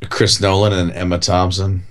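A man's voice: low voice, level tone, normal speed. A man co-hosting a casual chat, rambling with lots of "like" and "you know". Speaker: podcast co-host.

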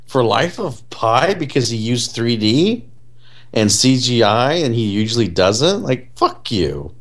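A man co-hosting a casual movie chat, blunt, sarcastic and quick to swear. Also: mid-range voice, big pitch swings.

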